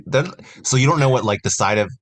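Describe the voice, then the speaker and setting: A man's voice: mid-range voice, quick pace. A man co-hosting a podcast, chatting casually with incredulous jokes and swearing. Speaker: podcast co-host. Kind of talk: casual chat recapping a TV episode.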